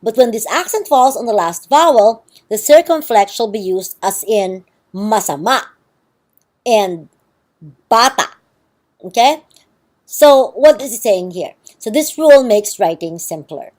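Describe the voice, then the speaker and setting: A woman's voice: fairly high pitch, lively intonation, measured pace, darkish tone. A woman with a Filipino accent giving a university lecture, explaining step by step and often checking in with "okay" and "right".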